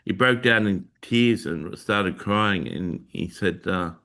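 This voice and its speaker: A man recounts a personal religious testimony on his own channel, pausing often and filling the gaps with hesitant sounds. His voice sits a little low but has a bright, forward edge. He speaks very slowly. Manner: halting, with many filler sounds and restarts. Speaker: Christian video host sharing testimony.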